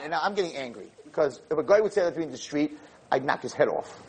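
A male rabbi giving a storytelling lecture, animated and acting out the voices in his tale. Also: on the high side, fast, husky, raised voice.

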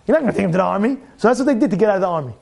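A man's voice: high voice, expressive, racing, vocal fry, darkish tone. A man teaching a weekly Torah-portion class. He talks emphatically, repeats his phrases and keeps firing questions at his listeners.

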